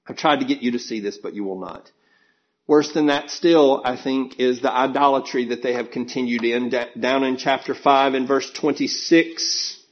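A man's voice: medium pitch, moderate pace, muffled recording. A man preaching a sermon, earnest and emphatic, reading scripture aloud and pressing his points.

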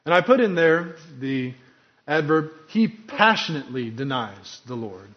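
A man delivers an earnest sermon, pressing hard on key phrases and acting out quoted lines with drama. His voice sits a little high. The recording is dull and lo-fi. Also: big pitch swings, unhurried. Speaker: pastor.

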